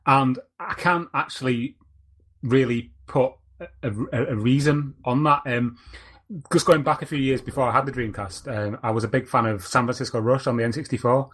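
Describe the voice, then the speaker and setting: A man's voice: mid-range voice, fairly even intonation, moderate pace, a bit bright. A man hosting a podcast, chatting casually and rambling as he searches for words. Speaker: podcast host.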